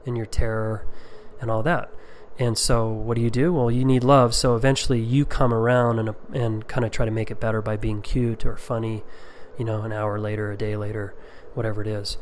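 A man's voice: fairly low pitch, level tone, brisk, hardly any pauses, slight background noise. A middle-aged man teaching a class on emotional repair in a conversational, rambling way with many ums and asides.

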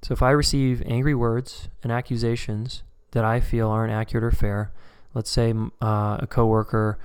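A man leads a live online class in an easygoing, conversational way. His pitch sits in the middle range, and he slips into quick back-and-forth dialogues to make his points. His loudness rises and falls as he talks. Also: flat delivery, clear, resonant tone. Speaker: course instructor. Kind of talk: live webinar teaching.

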